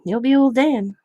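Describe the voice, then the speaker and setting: A middle-aged woman hosting a craft livestream, chatting casually and rambling through anecdotes while she works. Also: on the high side. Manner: rambling anecdotes, quoting others in her own voice. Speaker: craft channel host.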